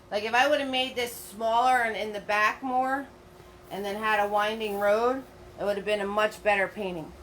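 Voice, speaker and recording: A woman's voice: mid-range voice, a bit bright, recorded from a distance. A middle-aged woman teaching a live painting class in a chatty, rambling way, full of fillers and restarts. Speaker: painting instructor. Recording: roomy, from away from the mic, faint hum.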